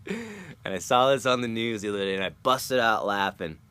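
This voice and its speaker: A man's voice: fairly low pitch, big pitch swings, normal speed, bright, forceful tone, smooth. A man talking through a casual vlog monologue, rambling and chuckling as he loses his train of thought. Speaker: vlogger.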